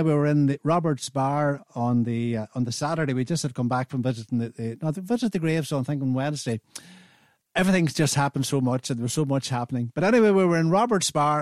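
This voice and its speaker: An Irish man in his seventies hosts a radio show in a rather high voice, recorded dry with no room sound. He spins a long, chatty anecdote, backtracking and restarting sentences as he goes. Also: a little mellow, dry recording. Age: 70s. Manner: rambling, anecdotal, with frequent restarts. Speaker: radio host.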